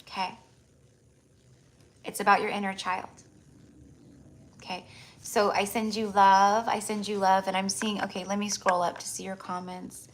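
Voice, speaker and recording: A woman's voice: mid-range voice, level tone, unhurried, pauses often, slight background noise. A woman hosting a live tarot reading stream, talking to her viewers in a chatty, affectionate way with lots of "like" fillers. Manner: chatty, heavy use of "like" fillers; affectionate, addresses viewers as "my love".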